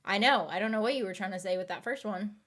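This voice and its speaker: A woman in her thirties hosts a loose late-night stream chat, reading and answering her viewers as she goes. She laughs often, rambles, and lets her sentences trail off. She sounds tired, and her voice sits at an ordinary middle pitch. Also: fast, a bit bright. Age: 30s.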